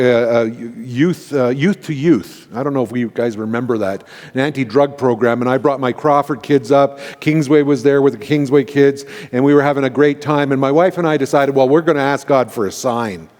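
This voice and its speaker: A man's voice: mid-range voice, darkish tone. A Canadian man, a pastor, telling an earnest, emotional personal story in a sermon, with many restarts. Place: large church sanctuary. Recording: long hall reverb.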